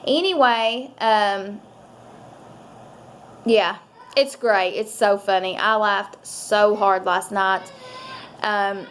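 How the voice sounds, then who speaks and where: A woman's voice: mid-range voice, fairly even intonation, extremely slow, pauses often, a little hiss or hum. A woman chatting casually to her viewers, rambling with lots of fillers. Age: adult parent. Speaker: vlogger. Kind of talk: casual chat to camera.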